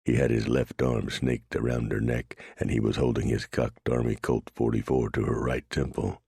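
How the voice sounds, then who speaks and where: A man narrates a western audiobook with a steady, measured delivery. His voice is extremely deep and gravelly, with a husky, dry close sound. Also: no echo. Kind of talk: scripted narration.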